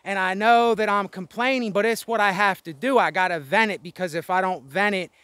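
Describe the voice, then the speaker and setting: With a high-pitched, slightly fast voice that is a bit bright and smooth, a vlogger vents in a weary, frustrated, rambling monologue while out of breath. He is recorded outdoors at a windy spot above a road, with no echo.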